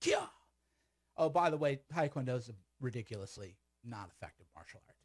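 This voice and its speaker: A man's voice: mid-range voice, lively intonation, fairly quick. A man giving casual, sarcastic commentary on a video clip, rambling and laughing often.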